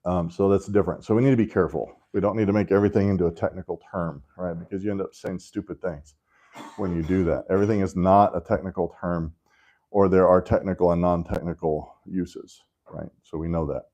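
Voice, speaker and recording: Deep-voiced man teaching Bible class. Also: steady tone, brisk, mellow, dull audio. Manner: conversational, often checks in with "right?"; joking asides to the class. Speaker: Sunday school teacher.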